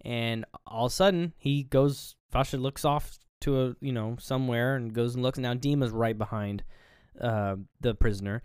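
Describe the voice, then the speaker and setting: A man's voice: mid-range voice, normal speed, darkish tone, smooth, dry recording, studio quality. A man co-hosting a podcast, casually recapping a film and acting out characters' lines with loose swearing. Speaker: podcast co-host.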